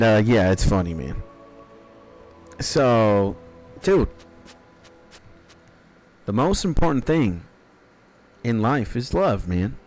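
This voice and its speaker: Rambling, foul-mouthed man in his thirties. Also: medium pitch. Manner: rambling, profane, mock-philosophical. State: hungry after an early start. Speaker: streamer. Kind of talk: casual chat while gaming.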